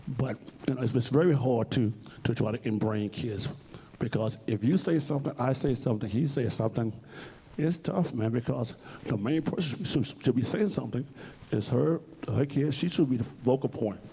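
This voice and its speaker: A man's voice: medium pitch, normal speed, mellow, breathy edge. A man being interviewed on stage at a library event, speaking bluntly and emphatically and swearing freely. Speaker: interview guest.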